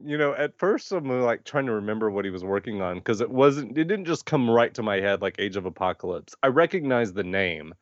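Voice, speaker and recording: A fairly low-voiced man co-hosting a podcast, animated and laughing, stumbling over restarts. The audio is slightly dull and dry. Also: brisk, hardly any pauses, dry recording. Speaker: podcast co-host. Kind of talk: casual podcast chat.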